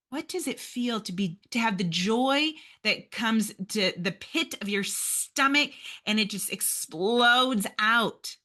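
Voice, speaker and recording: Addressing her audience as "you guys," a female podcast host delivers a faith-based motivational message that is earnest and encouraging. She has a mid-range, slightly bright voice.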